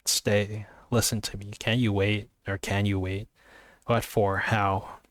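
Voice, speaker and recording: A man voicing an emotional young woman in love, reading in an earnest, halting way from a novel. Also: on the low side, little pitch movement, no echo. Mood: pleading. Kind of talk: amateur book reading.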